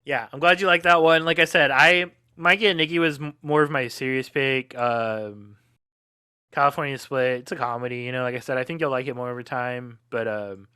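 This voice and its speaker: Bright-voiced young man musing on a film. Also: mid-range voice, fairly even intonation, brisk, smooth, no room sound, clean studio sound. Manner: hesitant, many fillers and restarts. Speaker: podcast co-host. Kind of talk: casual film discussion.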